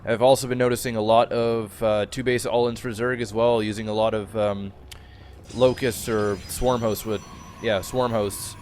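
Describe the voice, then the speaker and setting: A man's voice: on the low side, level tone, moderate pace, darkish tone, a little hiss or hum. A man co-casting a video game match, laid-back and analytical, breaking down strategies in a casual way. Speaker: game commentator. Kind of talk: casual esports commentary.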